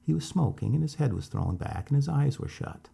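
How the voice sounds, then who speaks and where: A man calmly reading a story aloud as a bedtime storyteller. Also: medium pitch, fairly quick, gravelly, slightly rough.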